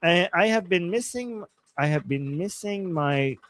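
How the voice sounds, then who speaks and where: A man's voice: high-pitched, expressive, measured pace, fairly bright tone. A man from Iran co-hosting a live stream, reading viewer messages aloud in a chatty, easygoing way and laughing easily. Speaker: livestream co-host. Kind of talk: casual live-stream chat.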